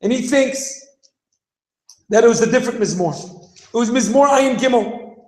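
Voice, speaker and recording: A man's voice: very high-pitched, normal speed, echoey room, rough recording. A man in his thirties teaching a class, who keeps firing rhetorical questions, acts out scenes and raises his voice for emphasis. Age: 30s. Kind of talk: animated classroom lesson.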